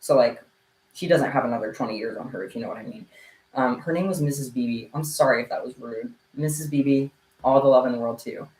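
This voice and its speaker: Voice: mid-range voice, brisk, darkish tone. A livestream host chatting casually with viewers, playful and teasing, laughing often. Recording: echoey room.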